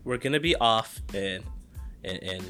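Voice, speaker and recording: A young man co-hosting a podcast, chatting casually in slangy, excitable talk and laughing often. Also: lowish voice, measured pace, soft background music. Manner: animated, slangy, laughs a lot. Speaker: podcast co-host. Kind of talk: casual chat.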